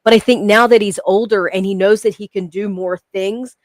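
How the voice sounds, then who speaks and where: Woman, mid pitch, podcast co-host, rambling storyteller, dry close mic. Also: steady tone, moderate pace, no echo. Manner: rambling, many fillers and restarts. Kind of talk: casual chat, storytelling.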